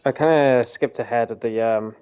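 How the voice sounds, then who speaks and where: A man's voice: medium pitch, moderate pace, darkish tone, clear, resonant tone. A young man streaming a game, rambling casually with self-deprecating laughs. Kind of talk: casual live gameplay chat.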